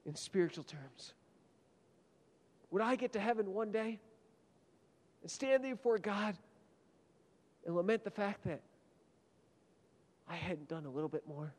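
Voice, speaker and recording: A man with a high, light voice preaches a sermon, telling stories dramatically and dropping from emphatic peaks to near whispers. His words ring out with a long reverb, as if he stands in a large hall. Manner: dramatic storytelling, swinging from loud peaks to hushed whispers.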